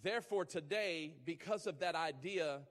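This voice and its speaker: A man's voice: on the high side, normal speed, fairly bright tone, big-room sound. A man preaching a sermon as pastor, emphatic, using repeated phrases to build intensity. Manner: emphatic, repetitive build-ups, rising intensity.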